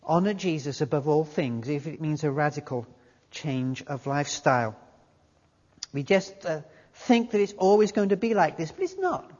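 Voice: medium pitch, very animated, normal speed, a little mellow. Middle-aged preacher in a reverberant hall. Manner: conversational preaching, restarts, quotes read aloud. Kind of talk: sermon. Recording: dull recording in reverberant hall.

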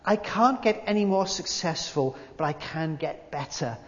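A man's voice: a little high, expressive, moderate pace, long reverb tail, dull audio. A man, a preacher, putting on the voice of a self-assured movie star as an emphatic impression. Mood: earnest.

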